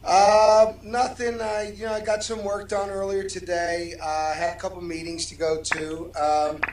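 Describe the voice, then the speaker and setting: A man's voice: sits high, little pitch movement, moderate pace, darkish tone, reverberant, slight background noise. A man speaking as an interview guest, effusive and friendly, heard over distant call audio. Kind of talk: casual interview chat.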